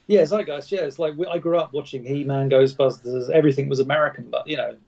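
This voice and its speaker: A man's voice: mid-range voice, fairly even intonation, quick pace, vocal fry, darkish tone, highs cut off. A man chatting casually as a podcast guest, laughing easily. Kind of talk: casual chat.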